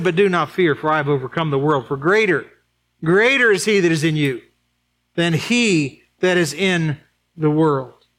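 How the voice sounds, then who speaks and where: Male pastor, sermon delivery, higher-pitched voice, rhetorical questions, emphatic swings from urgent to hushed. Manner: emphatic, rising to high urgent peaks then dropping low and quiet; addresses the congregation with rhetorical questions.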